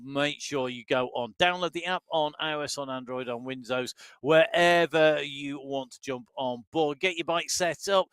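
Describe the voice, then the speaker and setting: Guy calling a virtual bike race on a headset, high voice, dry sound, gets worked up at the sprints. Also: clean tone, no echo. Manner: excitable, builds up hard during sprint finishes, laughs easily. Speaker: race commentator. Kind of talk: live esports cycling commentary. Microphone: headset with talkback in ears.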